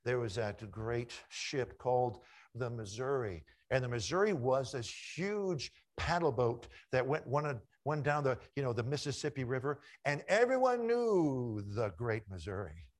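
A middle-aged man preaching a sermon, telling stories and swinging from loud acted lines to quiet asides. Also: mid-range voice, unhurried. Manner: lively storyteller, shifts from loud acted quotes to hushed asides.

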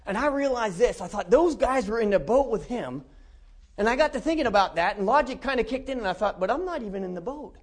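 A man's voice: very high voice, animated, fairly quick. A middle-aged man from central Pennsylvania, telling his conversion story to a church in a folksy, chuckling way. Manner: folksy storytelling, warm chuckles, many restarts. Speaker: preacher giving testimony. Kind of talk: personal testimony in a church.

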